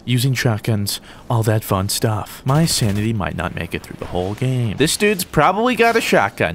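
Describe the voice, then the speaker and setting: A young man giving excitable, jokey commentary over his own gameplay, shouting at opponents. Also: lowish voice, moderate pace, few pauses, slight background noise. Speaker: gaming YouTuber.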